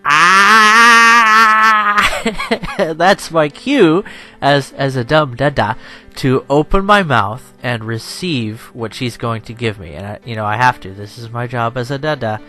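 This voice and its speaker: A man's voice: medium pitch, animated, moderate pace, a bit bright, soft background music. A tired young man chatting over gameplay as a channel host, rambling and self-deprecating, laughing often.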